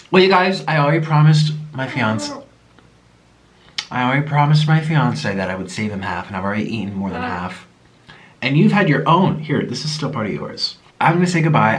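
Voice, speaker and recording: A man hosting an eating show, chatting casually while he eats, laughing often and cooing at a pet. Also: medium pitch. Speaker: mukbang host.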